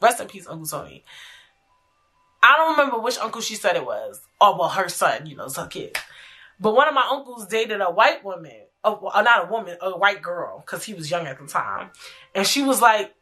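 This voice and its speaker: A woman's voice: mid-range voice, big pitch swings, normal speed, sharp tone. A young woman hosting a casual talk, telling stories frankly with profanity and lots of repetition. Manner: frank, profane, chatty, repeats herself. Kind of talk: casual storytelling chat.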